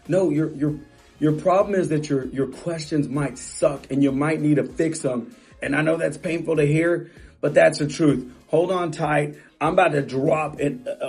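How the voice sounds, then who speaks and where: A man's voice: a little high, warm tone, breathy edge. A middle-aged man coaching real estate agents in a motivational talk, emphatic and repetitive, often restarting phrases.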